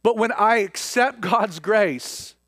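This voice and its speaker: Guy preaching, high lively voice, drops to soft hushes a lot, dry sound. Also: slow, no room sound. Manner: animated, swings between loud emphasis and soft near-whispers. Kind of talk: sermon.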